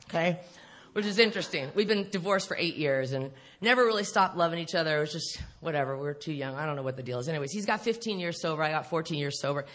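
A woman's voice: on the low side, a bit bright. A middle-aged woman telling her story to a recovery meeting, blunt and profane, laughing often as she talks. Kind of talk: candid storytelling talk to an audience. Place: live speaking event.

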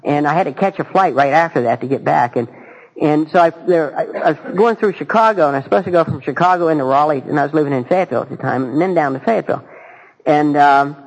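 Gravelly man telling a recovery story. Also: on the high side, fast talker, low-quality recording. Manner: earnest, folksy, candid. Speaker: recovery meeting speaker. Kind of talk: personal storytelling talk.

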